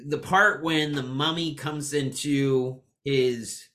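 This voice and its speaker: Bright-toned man chatting casually. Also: a little high, fairly even intonation, slow pace. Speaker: podcast co-host. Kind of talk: casual chat.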